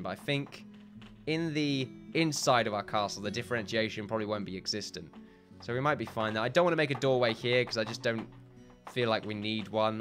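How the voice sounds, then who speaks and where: A man commentating his own building game as a YouTube let's-player, chatty and upbeat and quick to laugh at himself. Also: medium pitch, a bit bright. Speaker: gaming YouTuber. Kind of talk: casual let's-play commentary.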